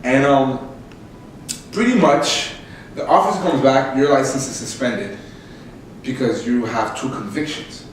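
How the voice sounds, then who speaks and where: A young man, a podcast host, telling a story casually and with much laughter, his voice leaping high when excited. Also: measured pace, pauses often. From Canada. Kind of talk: casual storytelling among co-hosts. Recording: echoey room, distant mic, faint noise.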